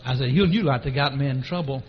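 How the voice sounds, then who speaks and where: A man who is a Baptist preacher, telling a folksy, animated story in a sermon and acting out the shouting and laughter. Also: mid-range voice, fast talker, a little hiss or hum. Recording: dull lo-fi recording.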